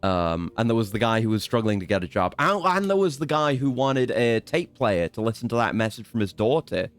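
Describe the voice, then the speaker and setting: A man's voice: mid-range voice, very animated, fairly quick, clean tone. Rambling man narrating his gameplay. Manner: rambling, swears casually, self-mocking. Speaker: streamer. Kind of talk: casual let's-play commentary.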